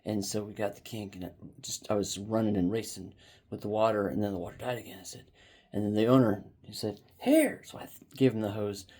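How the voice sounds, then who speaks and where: A man vlogging outdoors into a handheld phone camera. He tells his story in a rambling, animated way. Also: on the low side, fast talker. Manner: rambling and animated, bursts into loud shouts when quoting.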